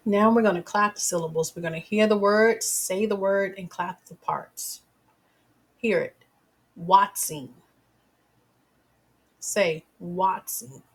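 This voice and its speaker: A woman teaching a children's phonics lesson, speaking slowly and splitting words clearly into syllables. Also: medium pitch. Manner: slow, clearly segmented words for kids.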